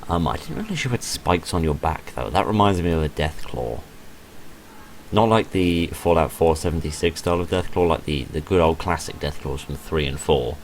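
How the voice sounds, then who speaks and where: A man with an extremely low, deep voice talks over his gameplay in loose, rambling commentary. He is tired and half asleep, drifting into self-mocking asides, and a faint hum of room noise sits behind him. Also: animated, normal speed. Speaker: gaming video host.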